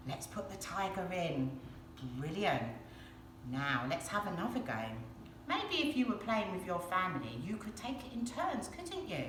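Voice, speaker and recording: English woman, early years teacher, sing-song swooping voice, bright tone, slow and deliberate, echoey room with faint hum. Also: mid-range voice. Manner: sing-song, animated, encouraging. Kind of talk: phonics lesson for young children.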